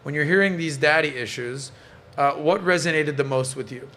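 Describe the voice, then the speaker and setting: A man's voice: fairly high pitch, moderate pace, bright, forceful tone, a little hiss or hum. A man hosting a casual podcast panel, blunt and joking, swearing freely. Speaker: podcast host.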